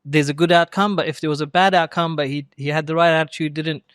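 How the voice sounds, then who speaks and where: A man makes short, agreeable comments in a casual chat. His voice sits a bit higher than most men's, and the sound is dry. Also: steady tone, fast talker, a bit bright, smooth, no echo. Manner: agreeable, brief interjections. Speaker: podcast co-host.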